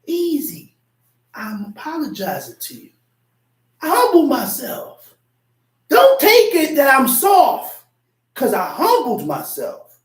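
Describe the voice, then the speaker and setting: A man's voice: very high voice, wildly swooping pitch, takes it slowly, long pauses. A man preaching a sermon, telling a personal story and acting out the voices in it. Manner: storytelling, acts out voices in quotes. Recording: echoey room, mic at a distance.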